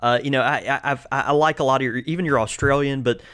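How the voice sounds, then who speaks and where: A man from Mississippi, co-hosting a podcast in relaxed, agreeable banter. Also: mid-range voice, quick pace, clean tone. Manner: relaxed, agreeable, laughs easily. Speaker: podcast co-host.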